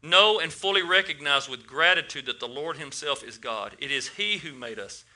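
A man's voice: a little high, expressive, moderate pace, sharp tone. A man preaching a casual sermon to a congregation, asking them questions and often repeating his words.

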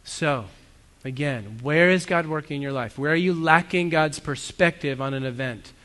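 A pastor with a fairly high, pushed, bright voice preaches at a normal speed. He keeps the sermon earnest and conversational, adding self-deprecating remarks, while the church hall lends a long reverb.

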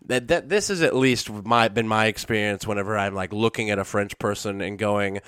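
A man's voice: on the low side, normal speed, fairly bright tone, clear, resonant tone, dry recording, clean studio sound. A man hosting his own podcast, talking casually and sarcastically in a rambling way, with sudden silly outbursts. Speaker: podcast host. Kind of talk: casual solo commentary.

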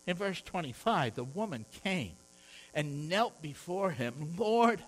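A man delivering a sermon in a conversational, heartfelt way. His voice sits a little high and swings widely in pitch. He talks earnestly, often tripping over and repeating his words. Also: expressive, measured pace, fairly bright tone, rough recording. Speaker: preacher.

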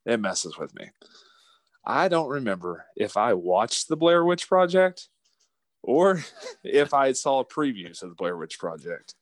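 A man's voice: medium pitch, unhurried, dry recording. Folksy man telling stories. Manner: animated, laughing, folksy storyteller. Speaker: guest. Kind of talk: casual storytelling.

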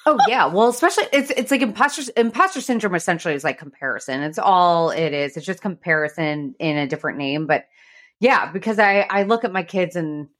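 A woman's voice: on the low side, expressive, a little fast, a bit bright. A woman hosting a podcast, chatting candidly and swearing freely as she tells stories about parenting. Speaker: podcast host. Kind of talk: casual chat.

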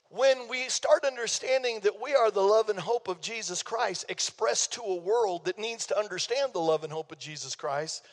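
An older man, preaching a sermon as pastor in a folksy, playful way. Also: high-pitched. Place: church sanctuary. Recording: long reverb of a church hall.

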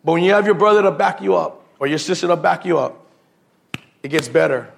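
A man delivers an easygoing sermon in a slightly high, gravelly voice. He speaks in loose, slangy sentences, often repeats himself, and keeps calling the listeners "bro.". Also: brisk. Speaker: lay preacher. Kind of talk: informal sermon with personal stories.

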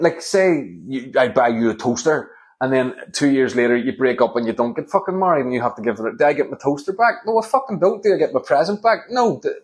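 A middle-aged man, hosting a solo comedy podcast in a rambling, sweary, sarcastic monologue. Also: mid-range voice.

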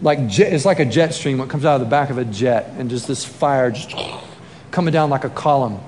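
A man preaching a sermon as lively storytelling, acting out scenes with shouts and sound effects. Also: medium pitch, fairly quick, a little hiss or hum. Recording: long reverb of a large hall, faint ambience.

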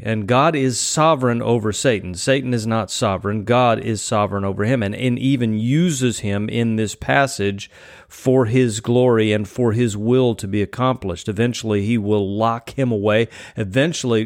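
A man's voice: mid-range voice, no room sound, studio quality. A man preaching a sermon, reading scripture aloud and explaining it earnestly, often repeating words as he goes.

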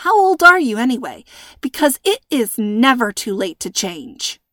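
A woman puts on a frightened teenage girl who babbles to fill the silence. Her voice runs high, breathy and squeaky, and it sounds close and dry, as in a storybook reading. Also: normal speed, dry recording, lightly acted. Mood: nervous babbling. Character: panicky teenage girl talking too fast.

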